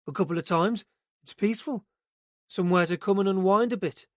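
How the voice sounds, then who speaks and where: A nonchalant, smirking young man voiced by a male narrator in an audiobook crime story. The voice is a little raised in pitch, and the recording is dry and close. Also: a little fast, dry recording, natural voice. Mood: cocky. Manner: cocky, nonchalant. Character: cocky wiry young man, smirking suspect.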